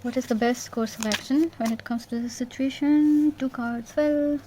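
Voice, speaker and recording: A woman giving an intuitive tarot reading in a gentle, reassuring way, repeating herself and checking in with "yeah?". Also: fairly high pitch, normal speed, a little hiss or hum. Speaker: tarot reader.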